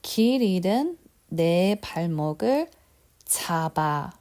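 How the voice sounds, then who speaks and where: A Korean language teacher with a mid-range voice, lively intonation and normal speed gives a vocabulary lesson. She is patient and repetitive, saying words again and quizzing the listener.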